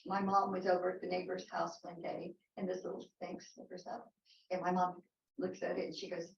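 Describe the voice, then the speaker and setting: A woman's voice: lowish voice, steady tone, a little fast, vocal fry, darkish tone. A woman from the class who eagerly tells a funny story. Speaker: class member. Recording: roomy, distant, dull recording.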